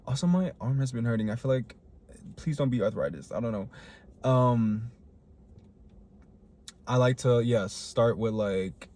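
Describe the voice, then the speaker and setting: A man's voice: mid-range voice, animated, unhurried, pauses often, dark tone. Rambling young man talking to camera. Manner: rambling, chatty, full of fillers and restarts. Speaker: vlogger. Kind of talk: casual personal monologue to camera. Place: living in Chicago.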